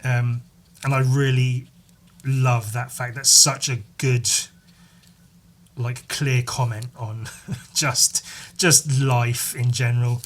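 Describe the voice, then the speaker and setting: A man hosting a solo podcast, rambling in casual chat, swearing freely and filling pauses with "like" and "um". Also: medium pitch, flat delivery. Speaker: podcast host.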